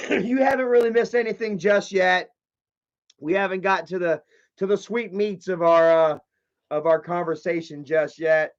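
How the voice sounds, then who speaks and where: A man talks loosely on a live stream, his voice sitting a bit high. He rambles, jokes and swears. The sound is muffled and lo-fi. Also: normal speed. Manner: rambling, profane and jokey. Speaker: live streamer opening fan mail. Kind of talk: casual live-stream chat.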